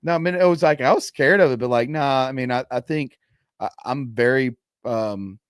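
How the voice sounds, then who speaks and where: A man hosting a podcast, chatting casually in short, halting turns. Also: mid-range voice, smooth, no room sound, studio quality. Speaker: podcast host. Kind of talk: casual chat.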